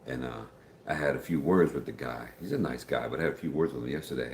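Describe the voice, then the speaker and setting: A man's voice: rumbling low, quick pace, a little mellow, reverberant, slight background noise. A man hosting a casual livestream, chatting folksily and reading out viewer comments, calling everyone man or dude. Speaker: livestream host.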